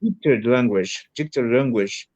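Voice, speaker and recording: A Brazilian man, Portuguese his first language, speaking English slowly as a student in an online lesson. He hesitates and restarts while he searches for words. His voice comes through a slightly dull, lo-fi line. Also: mid-range voice, darkish tone. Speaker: English learner.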